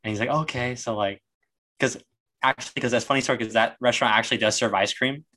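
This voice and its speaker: A man's voice: medium pitch, steady tone, quick pace, sharp tone. A young man guesting on a podcast, telling a rambling family story with laughter and fillers. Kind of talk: casual chat.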